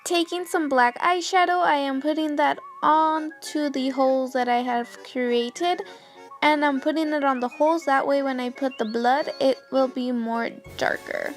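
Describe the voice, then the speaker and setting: A woman's voice: high-pitched, a little slow, soft background music. A young woman giving step-by-step voice-over narration for a makeup tutorial. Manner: steady step-by-step instructions. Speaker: makeup vlogger.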